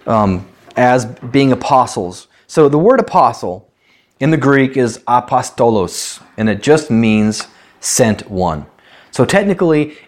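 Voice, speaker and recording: A pastor from the United States teaches a Bible study in a mid-range, slightly mellow voice. He explains verses conversationally and asks rhetorical questions.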